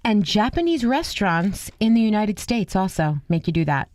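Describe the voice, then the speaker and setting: A woman's voice: medium pitch, very animated, moderate pace, darkish tone. A woman with a Brooklyn accent co-hosting a radio talk show, trading skeptical, wry banter. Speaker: radio co-host. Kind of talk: casual radio chat.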